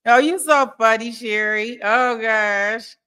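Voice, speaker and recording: Woman streamer, playful and chatty, higher bright voice, casual live chat at her desk. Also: takes it slowly, clean tone. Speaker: livestream host. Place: home desk.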